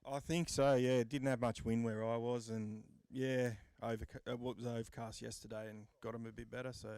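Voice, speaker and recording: A man's voice: medium pitch, level tone, brisk, darkish tone, no room sound. A man, a tournament angler, giving brief laid-back answers at a weigh-in.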